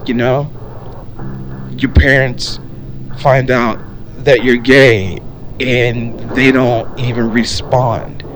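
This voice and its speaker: A man's voice: mid-range voice, fairly even intonation, drawn-out words, pauses often, slight background noise. A young man hosting a solo podcast, ranting in a rambling way with lots of swearing and fillers. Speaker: podcast host.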